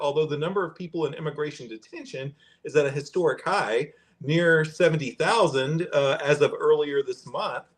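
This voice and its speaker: A man hosting a podcast, reading fact checks aloud and commenting in a conversational way. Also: a little high. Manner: conversational, pauses and restarts while reading aloud. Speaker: podcast host.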